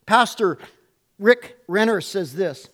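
A man with a strikingly high voice delivers a sermon. He speaks at an unhurried, deliberate pace and turns to his listeners with direct questions. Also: expressive, a bit bright. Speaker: preacher.

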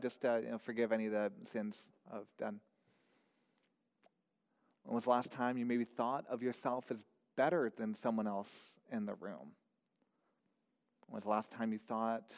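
A man's voice: medium pitch, darkish tone. Male pastor preaching, earnest and searching, with a long hall reverb on the voice. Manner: earnest, repeats words, asks searching questions. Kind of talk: sermon.

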